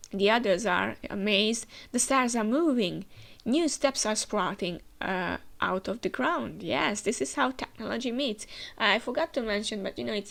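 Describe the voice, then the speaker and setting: A woman's voice: mid-range voice, vocal fry, fairly bright tone. A woman hosting a manga reaction, chatting casually with many fillers while she has a cold and sounds tired. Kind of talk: casual reaction commentary, reading aloud.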